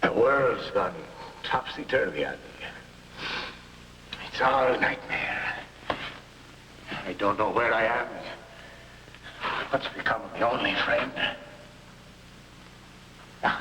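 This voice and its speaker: A man's voice: medium pitch, slow pace, pauses often, bright, forceful tone, slight background noise, low-quality recording. An actor playing a frightened, hunted blind man in a 1960s TV drama, pleading and stammering, often dropping to worried half-whispers. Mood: anxious. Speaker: lead actor.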